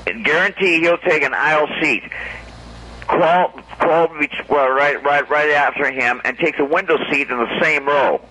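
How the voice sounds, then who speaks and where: A man hosting a radio show, reading entertainment news with jokey, animated asides in casual banter. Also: a little high, moderate pace, rough recording.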